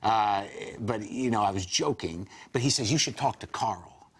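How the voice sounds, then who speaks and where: A man in his forties, a comedian guest on a talk show, telling animated anecdotes full of quoted voices. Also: lowish voice, normal speed, breathy edge. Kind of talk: storytelling in a talk show interview.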